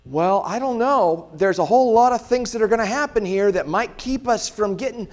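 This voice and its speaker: High, lively male pastor preaching. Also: moderate pace, few pauses. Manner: conversational, keeps asking the congregation "right?"; acts out quoted lines in little voices. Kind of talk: sermon.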